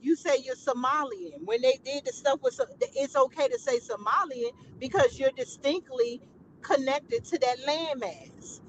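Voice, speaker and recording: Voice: high-pitched, normal speed, fairly bright tone, slight background noise, poor audio. A live stream co-host in casual political talk, explaining through examples and pressing a point.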